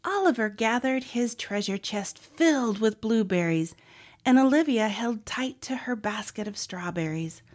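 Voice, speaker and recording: A woman reads a children's storybook aloud in a gentle, inviting way. Her voice sits fairly high and moves with a lively lilt, and she keeps a slow, unhurried pace. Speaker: narrator.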